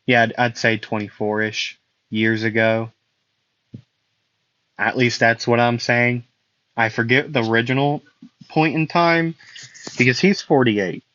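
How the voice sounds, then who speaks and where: A man's voice: medium pitch, fairly even intonation, measured pace, pauses often, fairly bright tone, no room sound, highs cut off. A man improvising a fan story, rambling and correcting himself with lots of fillers.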